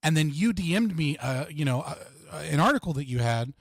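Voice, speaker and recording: The speaker, a young man from the United States, hosts a casual livestream chat in a rambling way, heavy on "like." His fairly high voice has lively intonation and runs a little fast, in studio-quality audio with no room sound.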